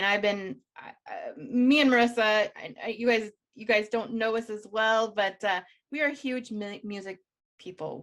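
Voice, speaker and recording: Woman, radio host, effusive, stumbling restarts, mid-pitched voice. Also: fairly bright tone. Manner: gushing, enthusiastic, many restarts. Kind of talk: casual interview chat.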